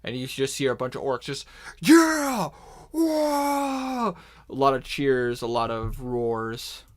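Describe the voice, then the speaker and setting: A man's voice: mid-range voice, level tone, moderate pace, smooth. A man narrating a tabletop game as game master, rambling with frequent restarts.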